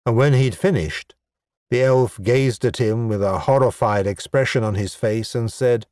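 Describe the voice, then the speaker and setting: A man's voice: medium pitch, a little slow, a little mellow. A male narrator reading a comic fantasy story in a dry, understated way. He takes his time over each line, and the recording is close with no room echo. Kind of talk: audiobook narration.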